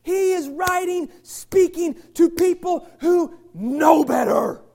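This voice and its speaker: A middle-aged male pastor, preaching a sermon and switching between shouted passages and quiet asides to the congregation. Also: very high-pitched, expressive, slow, creaky.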